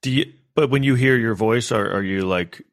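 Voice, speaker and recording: A man hosting a podcast in casual chat, talking in a halting, hesitant, self-deprecating way on a close mic. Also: mid-range voice, no echo. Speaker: podcast host.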